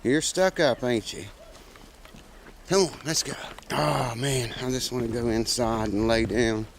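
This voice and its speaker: A man's voice: medium pitch, measured pace, background noise. A man making a guitar repair video, chatting casually in a rambling, folksy way with plenty of "uh" fillers. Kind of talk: casual vlog chat.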